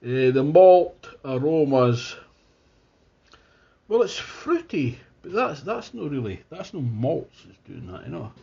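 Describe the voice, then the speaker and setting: A man's voice: a little high, big pitch swings, slow pace, gravelly, warm tone, muffled recording. A man with a Scottish accent giving a casual, enthusiastic beer tasting review, thinking aloud as he goes. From Scotland.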